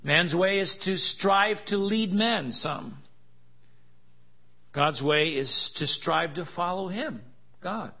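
A man's voice: high voice, takes it slowly. A man preaching a sermon, with joking, laughing asides and emphatic contrasts that build in intensity. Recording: dull lo-fi sound.

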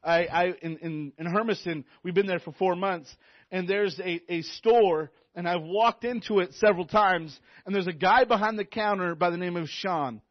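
Excited youth pastor preaching, stammering. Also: male voice, sits high, normal speed, no echo, dull audio. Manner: enthusiastic, repetitive, stammers on restarts. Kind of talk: sermon.

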